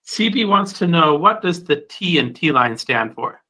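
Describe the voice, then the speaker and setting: A man hosting a webinar and relaying viewer questions in a relaxed way. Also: fairly high pitch, normal speed. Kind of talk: moderating Q&A.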